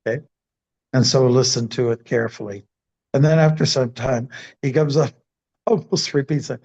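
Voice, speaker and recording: A man, a monk, giving a scripture class as a sermon in a deliberate way, repeating words for emphasis. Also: medium pitch, steady tone, vocal fry, a little mellow, husky, lo-fi sound. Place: temple.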